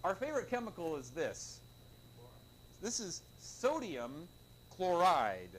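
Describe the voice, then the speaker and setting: A middle-aged male chemistry teacher lecturing a class, his pitch leaping up and down as he quizzes the room with playful jokes. His voice sits a little high for a man. Faint classroom noise hums behind him. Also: slow. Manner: lively, joking, quizzes the class with call-and-response.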